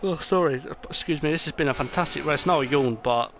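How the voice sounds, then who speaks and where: A young man commentating an online racing game, excitable and rambling with many fillers, and tired. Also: on the high side, fast talker. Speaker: race commentator. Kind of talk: esports race commentary. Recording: noisy, with game car sounds behind.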